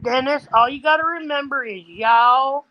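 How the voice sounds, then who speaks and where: A woman's voice: high-pitched, normal speed, muffled recording. A woman telling a casual story in folksy chat, quoting what people said. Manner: folksy, quotes people in her stories. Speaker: co-host of a trucking livestream.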